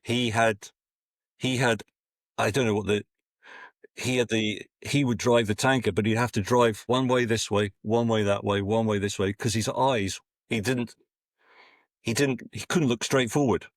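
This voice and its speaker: A Scottish man in his sixties, appearing as a podcast guest, tells rambling anecdotes, often restarting and acting out quotes. His voice is lowish and steady, at normal speed, captured in studio quality with no echo.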